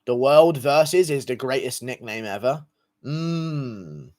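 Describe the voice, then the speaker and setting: A man's voice: mid-range voice, normal speed, a little mellow. A young man livestreaming, reading out donations in crude, profane, mocking banter. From England. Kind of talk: casual live-stream chat.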